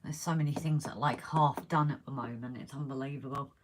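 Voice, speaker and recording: Woman, deep voice, chatty live-stream host, losing her voice, reads viewer comments. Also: steady tone, brisk, background noise. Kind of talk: casual live stream chat while modelling. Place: indoors at a model railway layout.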